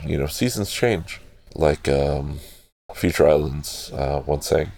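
A man's voice: rumbling low, fairly even intonation, normal speed, vocal fry, darkish tone, husky. A man hosting a casual, digressive film talk, swearing freely and correcting himself as he goes. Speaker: podcast host reviewing a film. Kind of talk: casual rambling film commentary.

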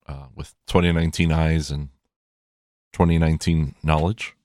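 Deep-voiced rambling man. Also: little pitch movement, normal speed, darkish tone, no echo. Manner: rambling, hesitant, with many restarts and fillers. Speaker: movie collection reviewer. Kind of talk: casual video commentary.

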